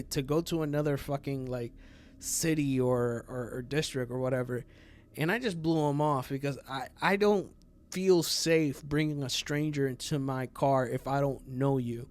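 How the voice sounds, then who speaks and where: A man's voice: on the high side, a little hiss or hum. A man hosting a true crime channel, talking casually in a rambling, profane way full of fillers. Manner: rambling, profane, full of fillers, laughs at his own jokes.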